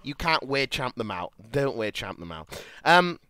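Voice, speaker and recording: A young man with a British accent, streaming and reacting to posts in crude, casual chat, laughing loudly and muttering as he reads. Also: mid-range voice, very animated, moderate pace, smooth, dry recording.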